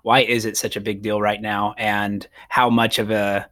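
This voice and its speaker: A man's voice: on the low side, flat delivery, normal speed, fairly bright tone. A man co-hosting a podcast in casual chat, often stopping to restart and repeat his words. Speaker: podcast co-host.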